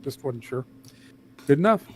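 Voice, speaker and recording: A man at a tabletop wargame, chiming in with short confirmations and quick questions. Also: medium pitch, expressive, a little mellow, a little hiss or hum. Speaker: player. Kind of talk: casual tabletop game chat.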